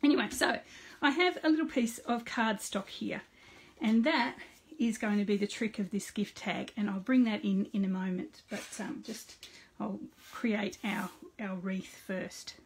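A woman's voice: medium pitch, measured pace, slightly rough. A middle-aged woman hosting a casual live card-making demonstration. She chats with viewers by name and narrates each step aloud.

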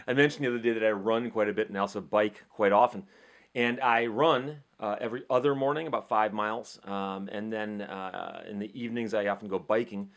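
A middle-aged man hosting a casual legal talk show, telling an animated story with frequent repeats and restarts. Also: mid-range voice. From Michigan, USA. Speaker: legal commentary host.

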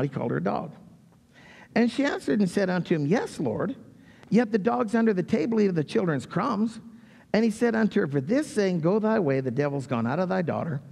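Gravelly pastor guy preaching, voice jumps all over, long church echo. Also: high-pitched. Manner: reads scripture, then animated retelling with raised voice for quotes. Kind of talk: sermon. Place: church sanctuary.

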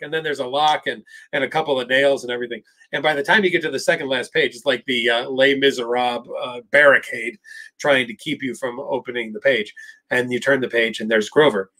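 Brief: husky-voiced male psychologist on a live Q&A, casual and emphatic, middle pitch. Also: brisk, pushed and bright. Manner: emphatic, talks straight to viewers by name. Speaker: psychologist answering viewer questions.

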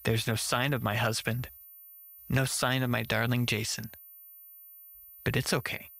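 A man narrating a first-person horror story with a tense, measured reading. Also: mid-range voice, flat delivery, gravelly, a bit bright, dry recording, clean studio sound.

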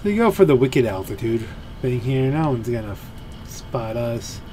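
A man's voice: mid-range voice, very animated, moderate pace, mellow, a little hiss or hum. Rambling man musing over a game. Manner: rambling and musing, full of fillers. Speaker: gameplay commentator. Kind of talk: let's play commentary.

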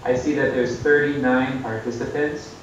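A man's voice: level tone, normal speed. Earnest man preaching over a video call. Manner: earnest, exhorting, with rises for emphasis. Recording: echoey, distant, muffled call audio with faint rumble.

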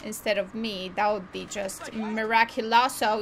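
A woman's voice: medium pitch, little pitch movement, moderate pace, slight background noise. Chatty woman streamer commenting on gameplay. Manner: chatty, self-mocking, says "literally" a lot. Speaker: gaming streamer. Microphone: desk microphone.

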